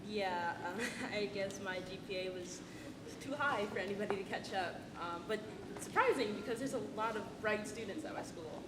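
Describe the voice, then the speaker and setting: A woman's voice: medium pitch, moderate pace, background noise, close to an everyday voice. A young woman playing an eager, apologetic teen applicant in a school stage play, stammering and repeating herself. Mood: modest. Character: eager teen girl, top student applicant. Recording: echoey hall, far from mic.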